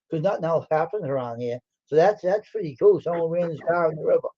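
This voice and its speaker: A man's voice: a little high, quick pace, warm tone. A man co-hosting a casual live stream, telling rambling stories and quoting others with exaggeration. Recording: dull lo-fi audio.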